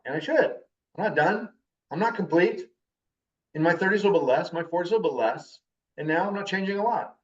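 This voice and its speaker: A man's voice: a little high, recorded from a distance, muffled recording. A man in his fifties giving a spoken class talk as a teacher, with an intense way of talking. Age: 50s. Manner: intense, animated talker.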